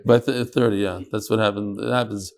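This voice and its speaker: A man's voice: on the low side, steady tone, a little fast. A man teaching a Talmud class to a room of listeners, joking in asides between readings of the text. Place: classroom with live audience.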